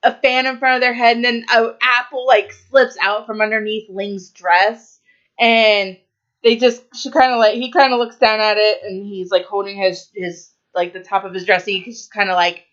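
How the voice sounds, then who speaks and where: A woman's voice: mid-range voice, steady tone, moderate pace, fairly bright tone, muffled recording. A woman co-hosting a podcast, casually retelling a movie's plot with lots of fillers and quoted lines. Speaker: podcast co-host.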